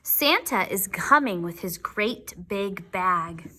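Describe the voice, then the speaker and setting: Woman reading an eager little boy, storybook style, bright lively voice. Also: medium pitch, slow, full character voice. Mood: excited.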